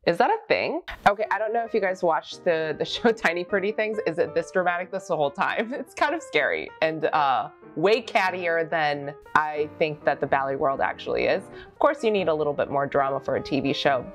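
A chatty woman who fits pointe shoes, reacting casually and with amusement. Her voice sits on the low side and moves a lot in pitch. She fills her talk with "like.". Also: lively intonation, fairly quick, hardly any pauses, soft background music. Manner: chatty and amused, many fillers of "like". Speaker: pointe shoe fitter.

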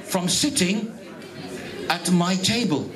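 A man's voice: high voice, slow pace, a crowd in the background. A Jamaican-born man preaching a sermon to his congregation, emphatic and repeating his phrases, calling out to the listeners. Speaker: pastor. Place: church hall.

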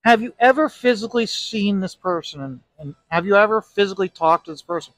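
Emphatic ranting man with a bright, higher voice. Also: expressive, fairly quick, no room sound. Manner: ranting, emphatic, repeats "okay?". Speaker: comic book inker and video host. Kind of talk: casual monologue vlog. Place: bar.

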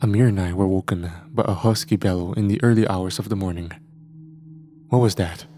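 A man narrating a horror story in a measured, steady way. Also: sits low, background noise.

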